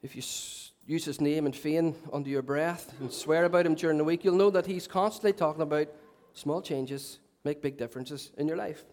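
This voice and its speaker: A man's voice: a little high, a little fast, few pauses, a little mellow, a little hiss or hum. A man preaching a sermon to his church, chatty and self-mocking with joking asides. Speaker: pastor. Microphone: handheld mic.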